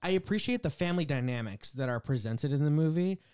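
A man's voice: fairly high pitch, lively intonation, quick pace, a little mellow, clean tone. A man co-hosting a podcast, recapping a movie in casual chat and acting out lines in playful quoted voices. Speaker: podcast co-host.

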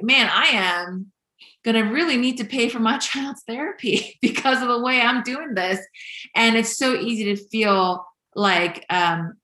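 Chatty bright-voiced mother in echoey room. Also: medium pitch. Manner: chatty, earnest, frequent fillers and laughs. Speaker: working mother sharing experience. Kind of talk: candid conversational talk.

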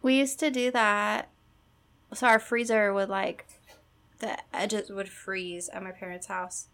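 A woman's voice: medium pitch, level tone, takes it slowly, fairly bright tone. A young woman chatting casually with friends in an easygoing, matter-of-fact way. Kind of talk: casual chat among friends.

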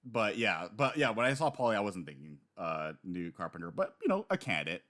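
Low-voiced guy chatting casually, animated, laughs a lot, does little voices when retelling stuff. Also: a little fast. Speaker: podcast co-host discussing a manga. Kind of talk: casual chat.

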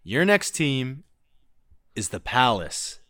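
A man hosting a podcast in a relaxed, rambling chat, quizzing his co-host. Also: mid-range voice, slow, no room sound, clean studio sound.

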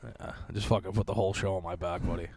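Gravelly man ranting crudely. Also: low voice, fairly even intonation, racing, a crowd in the background. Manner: sarcastic, crude, mocking voices of others. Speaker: podcast co-host. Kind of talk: profane comedic rant.

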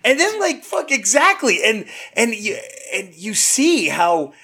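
Man, casual podcast chat, fairly high voice, excitable, swears a lot. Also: measured pace, slightly rough. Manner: excitable, profane, animated storytelling.

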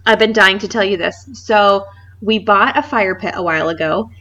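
A woman in her thirties co-hosting a podcast, telling a funny story in casual chat, animated and laughing often. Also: medium pitch, moderate pace. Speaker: podcast co-host.

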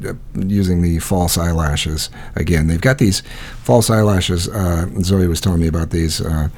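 A man's voice: low voice, normal speed, a little mellow, husky. A man co-hosting a podcast, chatting casually and telling comic stories with quoted voices. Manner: storytelling, acts out quoted voices. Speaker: podcast co-host. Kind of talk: casual comedic chat.

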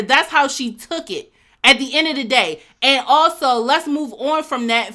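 A woman co-hosting a podcast in casual, animated chat, quick to argue and laugh. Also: sits high. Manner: animated, argumentative, laughs often. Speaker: podcast co-host.

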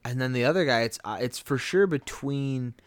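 A man's voice: medium pitch, moderate pace, no room sound. A man co-hosting a casual podcast, joking and trading opinions with friends. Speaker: podcast co-host. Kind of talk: casual chat about a TV show.

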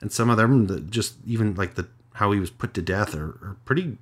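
A Canadian man hosting a podcast, telling a story in a lively, self-deprecating way. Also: lowish voice, fairly quick, breathy edge. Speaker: podcast host. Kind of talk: casual storytelling chat.

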